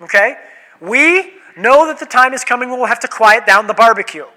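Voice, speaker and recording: Male pastor, sermon, chatty rhetorical delivery, high bright voice, long hall echo. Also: lively intonation, brisk. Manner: conversational preaching, rhetorical questions, quoted voices.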